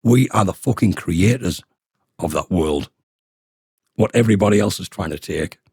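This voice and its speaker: A man's voice: on the low side, brisk, gravelly, a little mellow, husky, dry recording, studio quality. A man delivering a blunt, heated monologue straight to camera, swearing freely as he vents. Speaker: vlogger. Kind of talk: ranting monologue.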